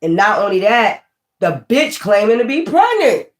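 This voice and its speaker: A woman's voice: mid-range voice, big pitch swings, moderate pace. A woman giving a casual tarot reading, blunt and profane, thinking aloud as she goes. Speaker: tarot reader. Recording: roomy echo.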